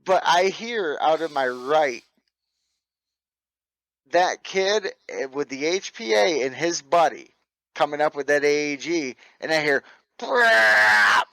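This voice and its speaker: A middle-aged man spins airsoft stories in easy, profane podcast chat, often laughing as he goes. His voice sits a little high for a man, and the sound is dry and close. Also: animated, measured pace, a bit bright, no echo, poor audio. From North Carolina. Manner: laid-back, swears freely, laughs while telling stories. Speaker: airsoft field owner, guest. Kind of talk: casual storytelling chat.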